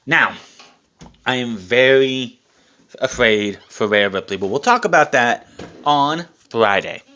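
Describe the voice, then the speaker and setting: A man's voice: mid-range voice, expressive, takes it slowly, bright, forceful tone. A man in the middle of his own voice range, talking through a wrestling show in a casual solo recap. He is blunt and sarcastic, and he swears freely.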